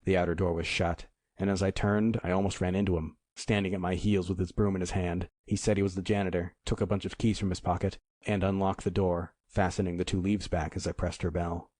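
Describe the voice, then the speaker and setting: Male audiobook narrator, very low voice, dry close recording. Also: flat delivery, a little mellow, dry recording. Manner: measured, dramatic storytelling. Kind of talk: scripted first-person narration.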